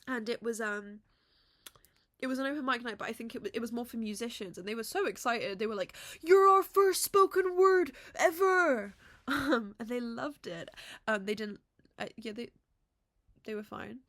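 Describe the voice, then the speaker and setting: A young woman from England chats to camera at home in a casual vlog. Her voice sits a touch high, and she rambles through her stories, full of fillers. She keeps poking fun at herself and apologizing for being mean. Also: moderate pace, pauses often, fairly bright tone. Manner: chatty, self-deprecating, rambling with many fillers. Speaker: vlogger. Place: home room.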